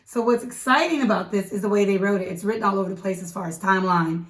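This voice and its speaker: A woman co-hosting a casual movie review, talking in a chatty, animated way with quick asides. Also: medium pitch. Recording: echoey room, mic at a distance.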